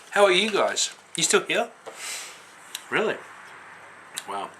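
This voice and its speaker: A bright, forceful Australian man rants to camera in a loose, slangy way. He swears freely and rambles from one thought to the next. He sounds a little tipsy. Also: high-pitched, big pitch swings, slow, pauses often, a little hiss or hum. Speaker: homebrewing vlogger. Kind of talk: casual rant to camera.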